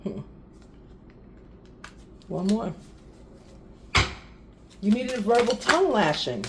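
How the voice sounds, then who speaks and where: A woman gives a casual spiritual reading, talking directly to her viewers in an unhurried way. Her pitch rises and falls widely as she laughs and makes exasperated asides. A faint hiss sits under the voice. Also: sing-song. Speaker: tarot reader.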